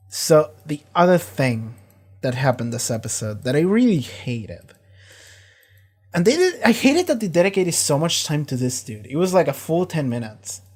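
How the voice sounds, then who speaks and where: A man hosting a casual reaction commentary on a TV episode, talking in an animated, profane, rambling way. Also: medium pitch. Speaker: show reaction host.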